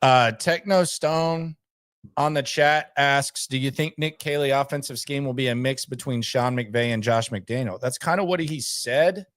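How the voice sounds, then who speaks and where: A man's voice: mid-range voice, unhurried, fairly bright tone. Rambling laid-back man host. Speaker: podcast host. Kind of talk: casual live-stream talk.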